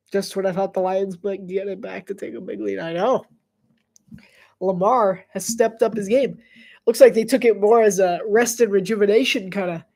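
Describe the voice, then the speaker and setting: Nasal-voiced woman, casual live sports commentator, quips, laughs a lot, jumps up in volume on big plays. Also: medium pitch. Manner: jokey, laughs often, rambling asides; rises to loud excitement on big plays.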